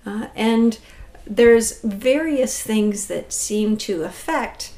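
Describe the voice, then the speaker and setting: Woman calmly explaining brain research. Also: a little high, extremely slow. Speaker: language researcher. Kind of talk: explaining to an interviewer.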